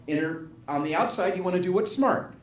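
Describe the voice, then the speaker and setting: An older man telling a story in an inspirational talk, his voice rising and falling in a lively way as he acts out each line of dialogue. He sits fairly high for a man. The sound carries the echo of a hall. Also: brisk. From United States. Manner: animated storyteller, acts out quotes, asks the audience questions. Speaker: guest speaker at a spiritual community. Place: church hall with audience. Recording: echoey hall.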